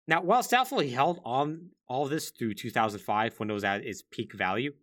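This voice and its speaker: A man's voice: mid-range voice, fairly quick, a bit bright. A man hosting a podcast, telling gaming history in a chatty way full of "like" and wry asides. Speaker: podcast host. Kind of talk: casual gaming-history chat.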